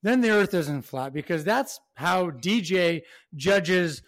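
A young man with a notably high voice talks bluntly on a casual podcast. He swears constantly and leans hard on his points. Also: expressive, takes it slowly, fairly bright tone. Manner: blunt, heavy swearing, emphatic. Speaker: podcast co-host.

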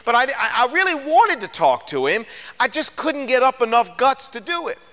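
An older male preacher tells his own story in a sermon with a high, bright voice that swoops through a wide range. He acts out the lines of each person in the story. A long hall reverb hangs behind his words. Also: normal speed. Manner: animated storyteller, acts out dialogue. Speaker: radio preacher.

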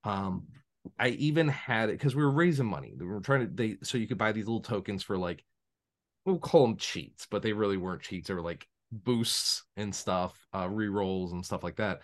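On a podcast, a game master with a lowish voice speaks at a moderate pace. His casual, rambling stories keep restarting, and he brings quoted people to life by performing their voices.

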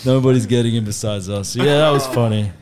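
A man's voice: mid-range voice, fast, a crowd in the background. A young Australian man hosting a podcast, telling a story to his mates with lots of laughing and swearing. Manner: laughing, swearing, rowdy banter. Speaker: podcast host.

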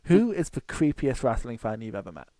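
A man's voice: medium pitch, sing-song, mellow, dry recording. Male UK podcast co-host, mid-range voice, dry close sound, rambling storyteller who swears a lot. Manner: swears freely, rambling anecdotes with quick restarts. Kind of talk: casual chat.

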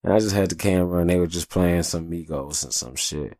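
A man's voice: low voice, brisk, darkish tone, no room sound, clean studio sound. A man hosting his own podcast, telling stories in a loose, profane, chatty way and often asking "you know what I'm saying". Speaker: podcast host. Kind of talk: casual storytelling monologue.

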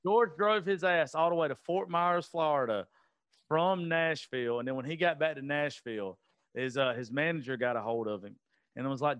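A man tells loose, rambling stories, swearing as he goes. His voice sits a touch high. The sound is dry and close. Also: normal speed, fairly bright tone, clear, resonant tone, dry recording, lo-fi sound. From US South. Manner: rambling storyteller, swears freely. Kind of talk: casual chat.

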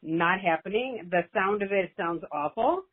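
A woman's voice comes through a tinny, narrow phone line as she leaves a voicemail. She gushes and rambles warmly, like a doting mother. Her pitch sits in a middle register. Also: lively intonation, a little slow, slightly rough. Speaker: caller leaving a voicemail. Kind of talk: affectionate voicemail message.

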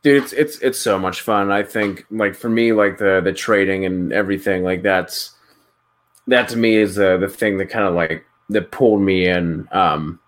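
A man with a fairly low voice, co-hosting a fantasy football podcast. He rambles casually, stacking up fillers as he works through his thoughts. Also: normal speed. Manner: rambling, lots of "like" and "you know". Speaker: podcast co-host.

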